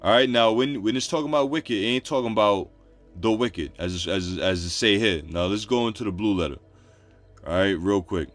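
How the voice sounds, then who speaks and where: A man's voice: fairly low pitch, normal speed, soft background music. A man preaching, reading Bible verses and explaining them in loose, repetitive street talk. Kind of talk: scripture teaching.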